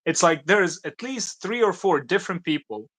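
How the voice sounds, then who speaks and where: High, bright, giggly man. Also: expressive, moderate pace. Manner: joking, giggly, hypes the stream. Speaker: guest. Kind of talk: casual chat on a livestream.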